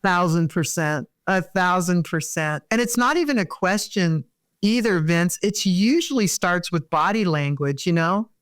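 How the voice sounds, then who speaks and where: A woman's voice: on the low side, lively intonation, a little slow. Earnest woman therapist explaining. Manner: earnest, explains with everyday examples. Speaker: therapist guest. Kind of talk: conversational interview.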